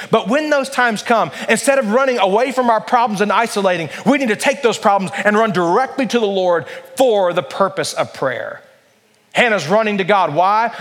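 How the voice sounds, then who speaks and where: Earnest high-voiced male pastor preaching. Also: a bit bright. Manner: earnest, emphatic, varies pace for emphasis. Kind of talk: sermon. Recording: long hall reverb.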